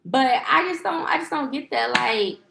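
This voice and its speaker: A lifestyle vlogger and livestreamer with a fairly high, creaky voice tells her viewers a rambling storytime rant, cursing freely and stumbling over fillers and restarts. She's animated and speaks at normal speed in an echoey room with background noise.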